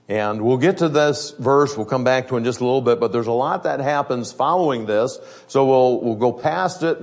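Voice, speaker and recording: Male preacher, mid-pitched, sermon delivery, reads scripture then explains it conversationally, pace varies to stress points.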